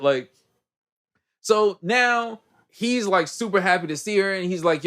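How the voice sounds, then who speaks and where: Animated young man recapping a movie. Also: high voice, unhurried, pauses often, clear, resonant tone. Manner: animated storytelling, acting out characters, laughing. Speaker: podcast host.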